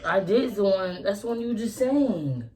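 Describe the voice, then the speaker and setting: A woman's voice: medium pitch, animated, measured pace, darkish tone, reverberant, far from the mic. A woman chatting casually with her friend, blunt and teasing. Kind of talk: casual chat.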